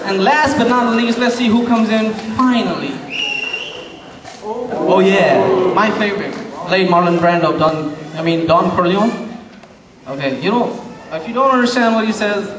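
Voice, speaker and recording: Animated man doing stand-up in an echoey hall. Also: high-pitched. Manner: animated, laughing, doing quick character voices. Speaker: stand-up comedy performer. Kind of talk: live stand-up skit with impressions. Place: university auditorium stage. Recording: distant echoey hall recording, lo-fi, loud crowd.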